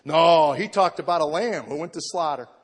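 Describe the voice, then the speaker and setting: A comedian in his forties gives earnest spoken testimony to a live audience, sharing a heartfelt personal story and acting out what other people said to him. His voice is a little high and moves at a normal speed. The recording carries a long hall reverb.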